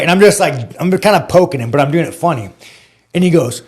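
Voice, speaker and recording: A man with a fairly high voice talks fast and animatedly, telling a story in casual, profane podcast style. He rambles, swears, and leans heavily on "like."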